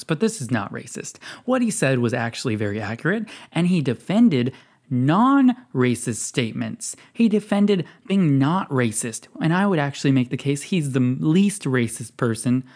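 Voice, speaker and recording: Man hosting a reaction commentary, sarcastic, scoffing, lively ups and downs in pitch. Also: normal speed. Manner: sarcastic, scoffing, reads text aloud. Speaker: commentary video host.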